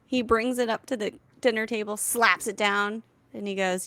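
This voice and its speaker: A woman in her thirties co-hosting a podcast, telling stories with lots of fillers and animated asides. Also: mid-range voice, normal speed, no echo. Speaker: podcast co-host. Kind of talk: casual comedic chat.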